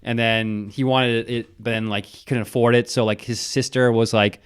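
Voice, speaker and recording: A man in casual podcast chat, rambling through stories with constant "like" and animated impressions. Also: mid-range voice, normal speed, clear, resonant tone. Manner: rambling storyteller, heavy use of "like", animated impressions. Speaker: podcast guest.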